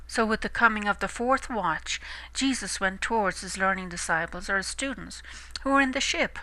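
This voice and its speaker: A woman reading and explaining a Bible passage, slow and emphatic, restating words with alternate glosses. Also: medium pitch, sharp tone, slight background noise, low-quality recording. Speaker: Bible teacher.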